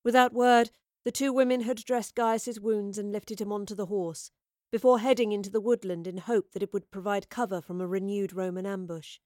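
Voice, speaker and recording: A woman narrating a fantasy audiobook in a measured, steady storytelling voice. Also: medium pitch, no room sound. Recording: dry close recording.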